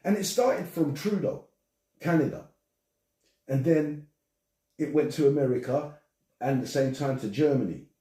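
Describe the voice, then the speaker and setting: An older man hosting a casual podcast chat, animated and swearing as he rants. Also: medium pitch, normal speed, long pauses. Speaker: podcast host. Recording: echoey room, distant from mic.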